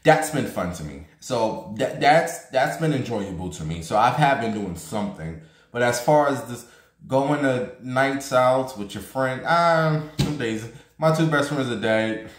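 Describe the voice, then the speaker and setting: A man chatting casually to his viewers, rambling fast and excitedly with blunt, profane humor. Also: mid-range voice, roomy sound. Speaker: vlogger.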